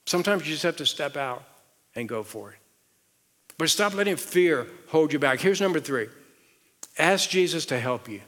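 Man, Southern accent, middle-aged pastor, lively preaching with questions, fairly high voice, long hall reverb. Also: moderate pace, long pauses. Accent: Southern American. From Southern United States. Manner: animated storytelling with rhetorical questions and audience call-and-response. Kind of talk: sermon. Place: large church auditorium on stage.

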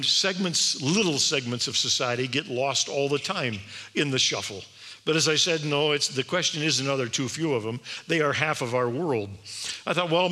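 Bright-voiced man preaching in a hall. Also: on the high side. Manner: emphatic, with rhetorical questions. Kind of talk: sermon-style address. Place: large hall with an audience. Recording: long hall reverb.

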